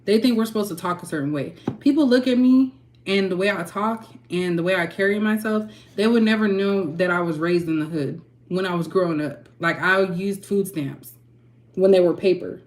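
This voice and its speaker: A woman tarot reader and channel host, ranting frankly and heatedly to her viewers and clearing her throat often. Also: mid-range voice, moderate pace, slight background noise. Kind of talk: candid ranting vlog.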